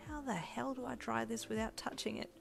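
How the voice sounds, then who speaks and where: A woman's voice: medium pitch, normal speed, fairly bright tone, faint music behind, natural voice. A woman voicing a flustered girl in a boy's body. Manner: flustered, polite, trying to act tough. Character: young woman stuck in a brash teenage boy's body.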